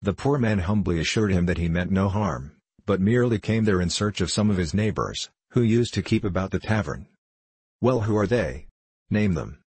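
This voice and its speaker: A man reading a classic tale aloud as an audiobook narrator, in a steady, measured way. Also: deep voice, husky, dry recording.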